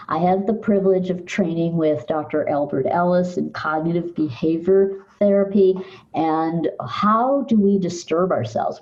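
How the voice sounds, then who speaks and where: An older woman psychologist, a podcast guest, calmly guiding listeners through mind-body exercises. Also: on the low side, highs cut off. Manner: calm, measured, guides listener through exercises. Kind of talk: podcast interview, explaining techniques.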